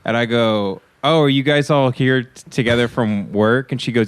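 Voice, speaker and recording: A man's voice: medium pitch, normal speed, hardly any pauses, slight background noise. A man co-hosting a comedy podcast, telling crude stand-up stories in casual banter. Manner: animated storytelling, crude jokes.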